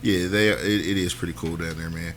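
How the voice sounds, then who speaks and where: A man's voice: deep voice, steady tone, fairly quick. A man from Kansas hosting a radio talk show, chatting casually in a laid-back way. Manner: laid-back, lots of "you know what I mean" and "man". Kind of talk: casual interview chat.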